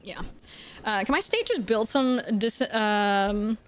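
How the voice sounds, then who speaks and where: A woman live streamer in casual chat, answering viewer comments in quick bursts. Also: mid-range voice, big pitch swings, faint music behind. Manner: soft baby talk to her dog.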